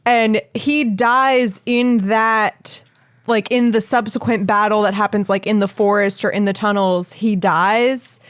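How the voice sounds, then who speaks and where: A woman's voice: medium pitch, steady tone, unhurried, clean tone, no echo. A woman co-hosting a casual podcast chat, laughing and rambling as she keeps breaking off her own sentences. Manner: laughing, rambling, self-interrupting. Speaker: podcast co-host.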